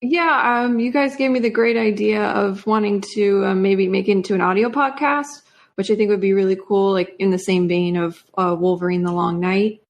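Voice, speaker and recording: A woman's voice: mid-range voice, steady tone, moderate pace, dull audio. A woman, a writer and guest, chatting casually with frequent fillers. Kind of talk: casual chat.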